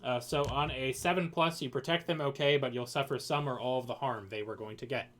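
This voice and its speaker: A man's voice: medium pitch, a little fast, fairly bright tone, slight background noise. A man narrating as game master, loose and rambling with plenty of fillers.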